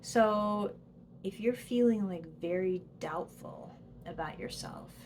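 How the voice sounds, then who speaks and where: This woman's voice is medium-pitched, slow and a little mellow, with a slight hiss or hum. She's a psychologist and presenter giving a relaxed educational talk to camera, using examples and whispering when voicing the inner voice.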